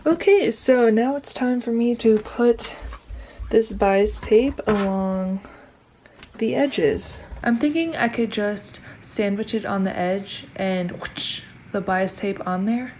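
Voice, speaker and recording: A woman's voice: mid-range voice, slow pace, darkish tone, a little hiss or hum. A young woman narrating her sewing project in a chatty, upbeat way, with giggly asides. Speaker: sewing vlogger. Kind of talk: casual sewing vlog narration.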